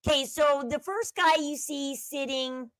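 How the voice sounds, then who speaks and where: High-voiced chatty woman commentator. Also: a little slow, a bit bright, no room sound, poor audio. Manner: chatty, speculative, drops to a low murmur when quoting others. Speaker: commentary channel host. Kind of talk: casual commentary over a video clip.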